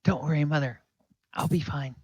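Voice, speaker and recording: A man doing an eager high-voiced village boy. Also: steady tone, darkish tone, husky, no room sound. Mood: earnest. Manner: breathless, pleading, quick.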